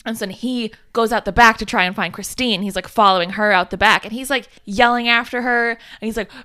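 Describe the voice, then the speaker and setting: A woman's voice: on the high side, fairly even intonation, fairly quick, sharp tone. A woman co-hosting a podcast, summarizing a film plot in casual chat with wry asides. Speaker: podcast co-host.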